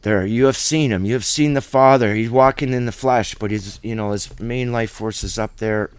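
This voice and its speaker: A man's voice: lowish voice, moderate pace, few pauses, smooth, no room sound. A man teaching scripture in a conversational Bible study, reading verses aloud and explaining them plainly.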